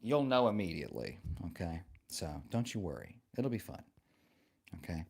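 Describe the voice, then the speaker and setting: A man with a slightly low voice hosts a relaxed live stream and chats with his viewers. He reads their comments aloud and answers with playful, joking warmth. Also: normal speed, vocal fry, husky.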